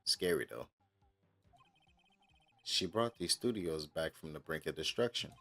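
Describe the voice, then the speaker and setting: A man reading aloud as a brash, fast-talking male film director in a video game, with a deep, gravelly voice. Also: lively intonation, bright, forceful tone, soft background music, heavily acted. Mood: admiring.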